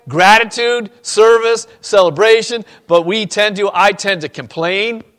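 Preaching a sermon in a high-pitched voice, a male pastor reads from scripture to his congregation, alternating forceful, loud emphasis with softer personal asides.

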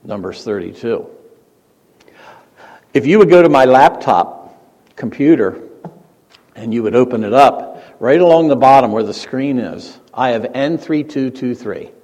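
Animated preacher in a reverberant hall. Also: male voice, mid-range voice, a little slow, pauses often. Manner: animated preaching, rising to emphatic peaks and dropping to quiet asides. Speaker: pastor. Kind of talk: sermon.

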